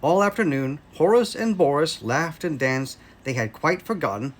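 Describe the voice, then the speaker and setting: A man with an American accent reading a children's story aloud in a slow, expressive way. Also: a little high.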